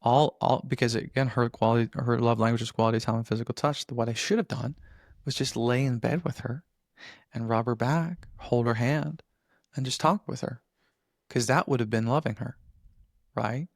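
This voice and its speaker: A man's voice: medium pitch, normal speed, creaky, no echo, clean studio sound. A man as a podcast guest, talking earnestly in a casual interview and often restarting his phrases.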